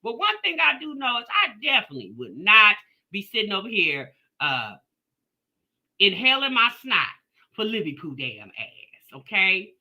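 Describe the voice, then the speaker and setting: Animated sassy woman live-streaming. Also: mid-range voice, normal speed. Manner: animated, sassy, talks straight to her chat. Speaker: live-stream commentary host. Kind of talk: casual reaction live stream.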